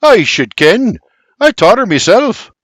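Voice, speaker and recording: A man's voice: sits high, very animated, takes it slowly, slightly rough, no room sound, clean studio sound, pitched above the performer's own voice, full character voice. A man voicing a proud, teasing father in a bluff brogue, in an audiobook. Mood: jovial.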